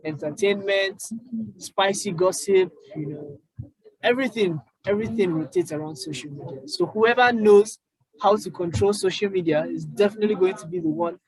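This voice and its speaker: A young Nigerian man telling his own story as an interview guest, halting with many fillers and restarts. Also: high-pitched, slightly rough, no room sound, rough recording. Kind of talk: casual interview chat.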